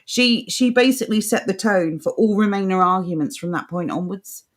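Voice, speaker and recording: A woman's voice: mid-range voice, normal speed. Blunt, scornful woman podcast co-host. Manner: blunt, scornful, laughs often. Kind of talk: casual opinionated chat, reading an article aloud.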